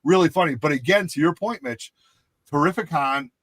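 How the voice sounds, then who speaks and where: A man's voice: a little high, normal speed, no echo. Man, casual storyteller, acts out voices, dry close sound. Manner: animated, acts out quotes. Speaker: podcast co-host.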